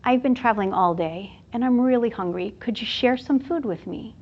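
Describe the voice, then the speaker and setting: A kind traveling healer, tired yet clever, asking and persuading in an earnest tone, as a woman storyteller puts her on. The voice sits a little high. The recording sounds dull and lo-fi. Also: normal speed, natural voice.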